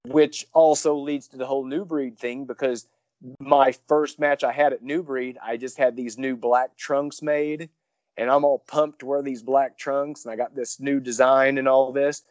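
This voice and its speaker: A man, a professional wrestler, telling a story in an interview, rambling excitedly with many restarts. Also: medium pitch, normal speed, dry recording.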